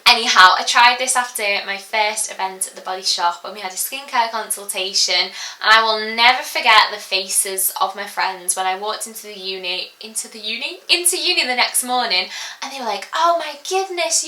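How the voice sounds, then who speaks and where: A young woman chatting casually through a haul video, rambling and filling pauses as she goes. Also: mid-range voice, bright, forceful tone. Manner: chatty and rambling, full of giggles and fillers. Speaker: beauty vlogger. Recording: echoey room.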